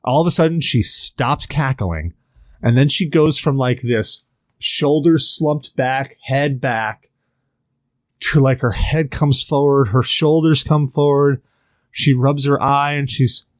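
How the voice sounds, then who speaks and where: A man's voice: mid-range voice, normal speed, no room sound, clean studio sound. A man on a podcast telling a long story in a casual, rambling way, full of fillers and acted-out quotes. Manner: animated, rambling with many fillers. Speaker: podcast host.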